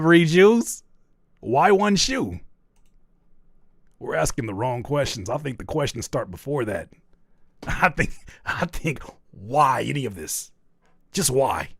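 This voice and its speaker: Animated man with a gravelly voice. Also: mid-range voice, no echo, clean studio sound. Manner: animated, teasing, mock-scolding. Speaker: livestream host reading chat. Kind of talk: casual livestream chat.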